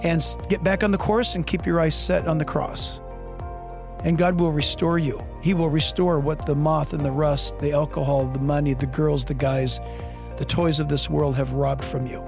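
A middle-aged man preaching a podcast sermon as pastor, telling stories with lively acted-out voices. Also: a little high, moderate pace, gravelly, over music. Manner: animated, acts out voices in stories. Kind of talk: sermon storytelling. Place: podcast studio.

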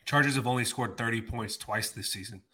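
On a casual sports podcast, the host rants in exasperation and swears mildly. He talks briskly in a medium-pitched voice that is sharp with a breathy edge.

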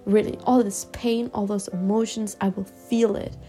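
A woman from Spain giving a heartfelt personal talk as a self-healing vlogger. She speaks haltingly, restarts often, and reassures her listener earnestly. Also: medium pitch, fairly even intonation, mellow, soft background music.

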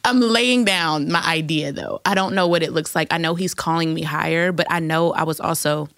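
A woman in her thirties talks in a casual faith chat, emotional and effusive, tearful at times. Her voice sits fairly low, and the sound is close and dry. She speaks with heartfelt feeling. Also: moderate pace, a bit bright, dry recording. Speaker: guest.

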